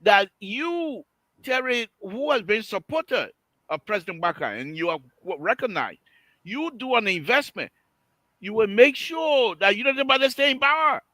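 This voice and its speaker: A man hosting a call-in radio show, teasing and animated, laughing often. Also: high-pitched, normal speed, no room sound. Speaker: radio talk show host. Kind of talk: casual call-in radio banter. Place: radio studio.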